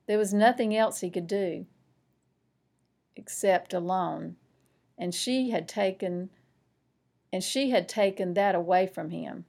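A woman's voice: medium pitch, slow pace, creaky, pauses often. Woman reading a children's book aloud. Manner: expressive, lively storytelling. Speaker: school principal reading aloud.

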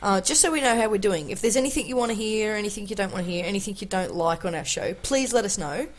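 A woman's voice: mid-range voice, quick pace, low-quality recording. A young woman co-hosting a casual podcast, jokey and giggly, now and then slipping into a pirate voice. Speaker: podcast co-host. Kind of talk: casual chat.

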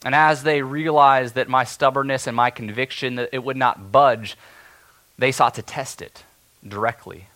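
A steadfast, defiant elder tells his own tale , as a man performs him in a dramatic monologue. He speaks earnestly, rising to ringing declarations and sinking to hushed, tense lows. His voice sits at an ordinary male pitch. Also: steady tone, moderate pace. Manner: earnest, stirring, swings between loud declarations and hushed tension. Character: steadfast, defiant elder of the king's gate, in first person. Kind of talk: dramatic first-person biblical monologue.

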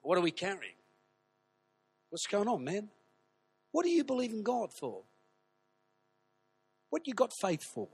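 A man preaching a sermon, telling stories with animated energy and shouting at the high points. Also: a little slow, long pauses, breathy edge. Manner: animated storytelling, shouting at peaks. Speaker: pastor.

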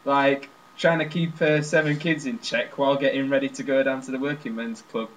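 A man's voice: mid-range voice, fairly even intonation, a little fast, fairly bright tone, a little hiss or hum, low-quality recording. A young man co-hosting a radio chat show, playful and joking. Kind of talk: casual chat. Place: student radio studio.

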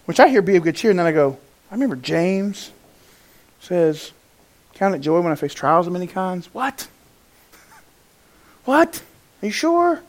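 A man preaching a sermon to his congregation, moving between raised, emphatic passages and quiet, hushed ones, and acting out the lines he quotes. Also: high voice, normal speed, pauses often. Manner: animated, swings from loud to hushed, acts out quotes. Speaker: pastor.

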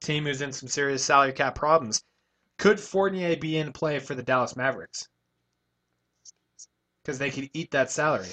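A man with a bright, forceful voice co-hosts a college radio sports show. He talks casually and rattles off rosters and trade talk in an easy, mid-pitched voice. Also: normal speed, pauses often.

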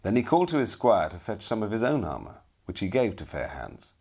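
A man narrating a storybook with expressive, dramatic storytelling. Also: fairly low pitch, brisk, husky.

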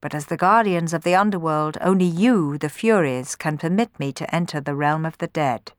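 Storybook: woman playing a determined young man who begs earnestly, low-ish, close and dry. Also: normal speed, dry recording, close to an everyday voice. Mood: earnest pleading. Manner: earnest, pleading. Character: brave determined young male musician hero. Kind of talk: storybook reading.

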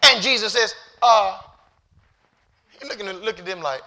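A male pastor with a high-sitting voice preaches while near tears. His sermon moves from hushed, halting storytelling to loud, shouted exhortation.

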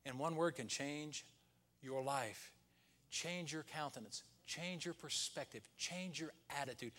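A pastor preaching a Sunday sermon, rising to loud peaks and dropping to hushed, whispered lines. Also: male voice, fairly high pitch, expressive, normal speed.

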